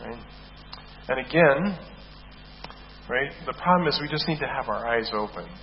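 A man's voice: medium pitch, lively intonation. Emphatic male preacher in an echoing hall. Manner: emphatic, keeps asking "right?", slows down to read scripture. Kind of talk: sermon. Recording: dull echoey hall recording with faint hiss.

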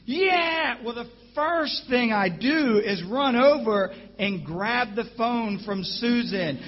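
Man, sermon, animated storyteller, high-pitched, slow-paced, muffled lo-fi sound. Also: husky. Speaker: guest preacher. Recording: dull lo-fi church recording.

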